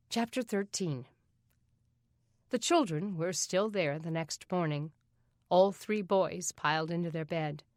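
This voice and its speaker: A woman narrating an audiobook in an even, steady reading voice. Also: on the low side, no echo, clean studio sound. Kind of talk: scripted narration.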